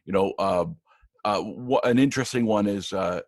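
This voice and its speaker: A low-pitched man spinning animated backstage stories from his work producing live events. He restarts his sentences often, and the recording is dry and close. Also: moderate pace, no room sound. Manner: animated anecdotes with many restarts. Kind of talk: casual storytelling interview.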